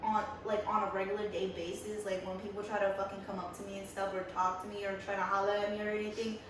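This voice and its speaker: A woman's voice: medium pitch, flat delivery, fast talker, noisy background. A young woman co-hosting a podcast, chatting casually in a blunt, profane way and laughing often. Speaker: podcast co-host. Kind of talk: casual chat. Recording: echoey room, mic far off.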